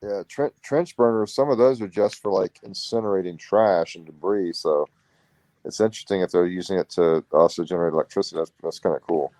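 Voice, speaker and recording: A man's voice: sits low, brisk, mellow, no room sound, poor audio. A man co-hosting a casual podcast chat, talking in a rambling, hesitant way with many restarts.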